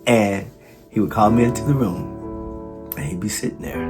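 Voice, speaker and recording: A man's voice: lowish voice, expressive, normal speed, long pauses. A man, telling a personal story and laughing often. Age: 60s. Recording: guitar music underneath. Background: guitar music.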